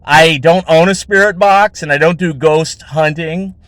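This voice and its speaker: A man's voice: a little high, measured pace, fairly bright tone, no echo. A man hosting his own show, telling a story in a rambling, casual way with heavy swearing and lots of fillers. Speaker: show host.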